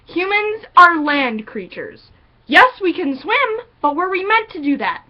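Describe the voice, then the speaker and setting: A woman's voice: very high-pitched, a little slow. A woman ranting sarcastically and with swearing in a vlog monologue, on a dull lo-fi recording. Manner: sarcastic, profane, animated ranting. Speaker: vlogger.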